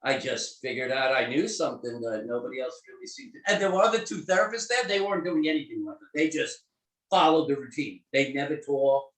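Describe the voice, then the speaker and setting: A middle-aged man telling a story in an interview, animated and emphatic, swearing freely. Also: mid-range voice, fairly quick, far from the mic. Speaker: guest therapist. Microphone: video call. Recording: echoey room on a video call.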